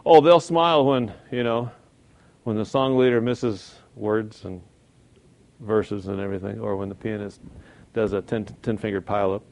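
A man teaching a church Bible class in a conversational sermon, emphatic, asking rhetorical questions and swinging between loud stresses and quiet asides. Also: on the low side, steady tone, normal speed.

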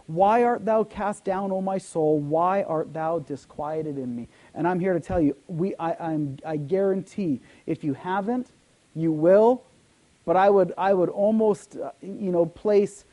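A man preaching a sermon as pastor. He swings between loud emphatic lines and sudden soft near-whispers, with frequent repeats. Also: sits high.

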